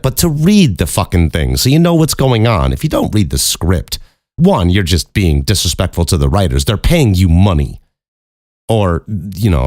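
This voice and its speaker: Podcast host: deep-voiced man from Chicago, candid, a bit profane, dry close mic. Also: darkish tone, dry recording. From Chicago, USA. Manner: candid, profane, joking asides. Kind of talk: casual monologue.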